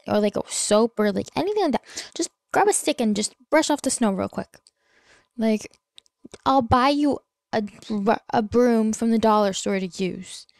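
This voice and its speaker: A young woman talks alone into her podcast mic, rambling and exasperated, filling every pause with "like" and dropping swears. Her voice sits a little high, and the sound is close and dry. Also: vocal fry, a little mellow, dry recording. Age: young adult. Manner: rambling, heavy "like" filler, swears freely, exasperated. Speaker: podcast host. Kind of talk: casual solo chat.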